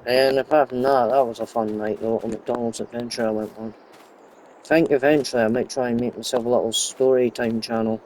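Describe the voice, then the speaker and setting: There's slight background noise as a young gaming YouTuber talks fairly quickly in a steady, darkish, mid-range voice. He rambles casually over a farming game, chatty and prone to going off topic.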